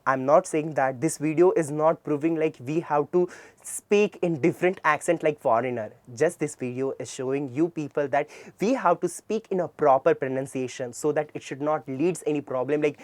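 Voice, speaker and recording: A man's voice: fairly high pitch, a little mellow, dry recording. A man with an Indian English accent giving an earnest tutorial lecture on communication skills, often asking a question and then answering it himself. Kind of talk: classroom-style tutorial lecture.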